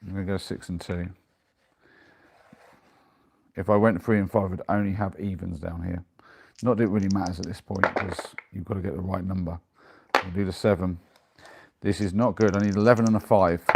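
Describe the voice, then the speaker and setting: A man with a lowish voice talks casually to his live viewers, picking up their messages one by one. Steady noise and clicks sit under the recording. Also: moderate pace, gravelly, long pauses. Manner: chatty, reads out and answers viewer messages. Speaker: live streamer. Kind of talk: casual live stream chat. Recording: noisy with clicks.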